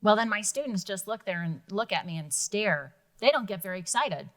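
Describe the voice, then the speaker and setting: A woman school librarian joining a reading lesson, talking in a quick, chatty storytelling way. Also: medium pitch, expressive.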